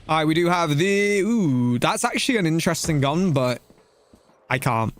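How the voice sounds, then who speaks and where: A man's voice: on the high side, expressive, moderate pace, long pauses. A young man casually commenting on a game he is playing live, chatting loosely with his viewers. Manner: chatty and loose, talking to chat while playing, slangy with "bro" and "dude". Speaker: game streamer.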